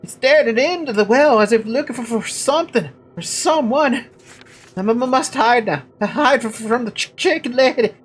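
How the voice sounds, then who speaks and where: A woman's voice: on the high side, moderate pace, breathy edge, pitched above the performer's own voice. A woman voicing a timid, lovesick male violinist from a village who stutters heavily and pleads. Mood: pleading.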